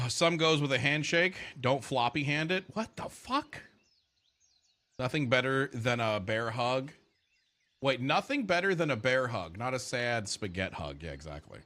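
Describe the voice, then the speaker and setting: A man's voice: medium pitch, normal speed. A man streaming and chatting casually with his viewers, rambling and swearing freely. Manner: profane, rambling, animated. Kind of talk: casual livestream chat while gaming.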